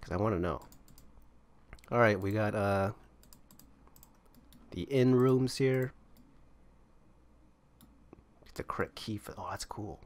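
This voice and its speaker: Man, gameplay commentary, rambling, thinking aloud, lowish pitch. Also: a little slow, pauses often. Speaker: gamer playing online roleplaying servers.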